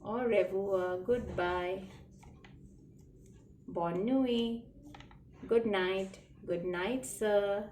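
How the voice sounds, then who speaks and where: A woman's voice: mid-range voice, extremely slow, pauses often, a little mellow, far from the mic, slight background noise. A woman teaching children a lesson in a patient classroom manner, repeating words and spelling them letter by letter. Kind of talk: slow classroom lesson explaining French words. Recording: roomy echo, voice from away from the mic.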